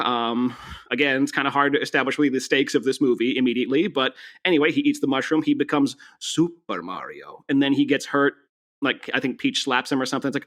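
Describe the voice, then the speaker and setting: A man's voice: medium pitch, steady tone, fast, a bit bright. A man co-hosting a podcast, chatting casually about a movie in a sarcastic way, often laughing and mocking lines in put-on voices. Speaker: podcast co-host.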